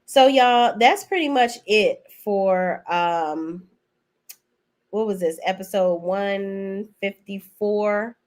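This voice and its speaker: Blunt, salty-mouthed woman reviewer. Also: mid-range voice. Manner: blunt, profane, chatty, talks to viewers. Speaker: TV show reviewer. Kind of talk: casual recap commentary.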